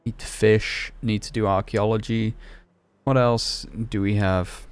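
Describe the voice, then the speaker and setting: Low-voiced man chatting over gameplay. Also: steady tone, a little slow, clear, resonant tone, dry recording. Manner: rambling, self-questioning, chatty. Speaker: gaming streamer. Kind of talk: casual gameplay commentary.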